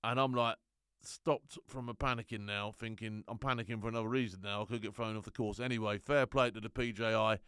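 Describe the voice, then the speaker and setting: A middle-aged man telling animated, slangy stories as a former soldier and laughing often. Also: lowish voice, normal speed, smooth, no echo, studio quality. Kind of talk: casual anecdote.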